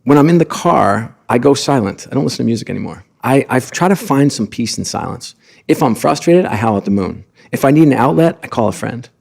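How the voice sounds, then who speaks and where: A middle-aged man with a gravelly, fry-tinged voice, telling personal stories as a podcast guest. He speaks earnestly and with animation, often restarting his sentences as he goes. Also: mid-range voice, animated, brisk, darkish tone. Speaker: podcast guest, sports executive. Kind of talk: conversational storytelling.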